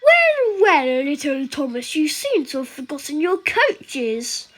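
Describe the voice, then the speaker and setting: A woman's voice: sits high, very animated, takes it slowly, fairly bright tone, full character voice. A woman voicing a pompous, teasing big male express engine in a homemade story, with a noisy recording. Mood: smug.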